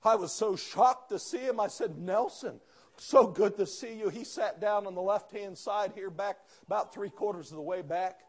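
A pastor preaching a sermon, telling a story with quoted dialogue and rising to fervent outbursts. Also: male voice, high voice, normal speed, few pauses, darkish tone, husky.

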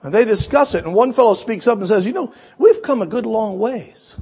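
A man preaching a sermon, animated, acting out quoted voices and swinging between shouts and hushed asides. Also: high-pitched, a little fast, slightly rough.

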